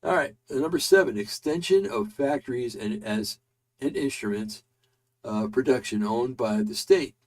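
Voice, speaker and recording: A man's voice: medium pitch, expressive, normal speed. A man hosting casual political commentary, tired and yawning, rambling with many fillers and restarts.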